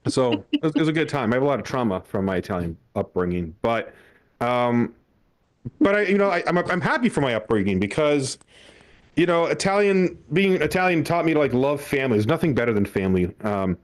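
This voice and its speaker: A man's voice: medium pitch, expressive, a little fast. A young man doing a stand-up comedy set on a club stage, telling family stories with acted-out quotes and frequent laughter.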